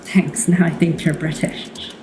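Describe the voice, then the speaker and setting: A woman's voice: sits low, level tone, unhurried, noisy background. A woman in casual banter while streaming, sarcastic and teasing, swearing freely.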